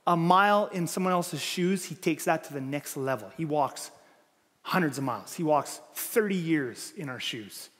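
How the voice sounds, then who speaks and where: High-voiced pastor preaching in a hall. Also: male voice. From Canada. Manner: earnest, emphatic, repeats phrases for effect. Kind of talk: sermon. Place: church sanctuary.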